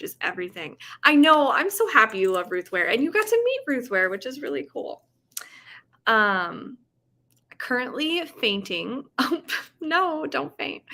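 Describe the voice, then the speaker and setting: Young female streamer, bubbly and giggly, bright voice, casual chat with viewers. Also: mid-range voice. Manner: bubbly and chatty, laughs often. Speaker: livestream host reading with viewers. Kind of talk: casual chat reading chat messages aloud. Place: home, with rain sounds.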